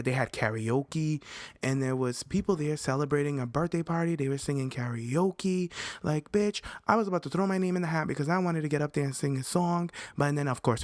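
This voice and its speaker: A young man hosting a podcast, telling a long story in casual chat, animated and full of swearing, his voice jumping high when he quotes himself yelling. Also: dry recording, studio quality. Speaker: podcast host.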